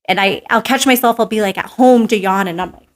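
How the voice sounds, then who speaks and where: Guest spot: New woman, animated anecdote teller, lots of "like", mid-pitched voice. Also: a little fast. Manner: animated storyteller, filler-heavy "like", acts out quotes. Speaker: podcast guest. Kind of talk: casual interview chat.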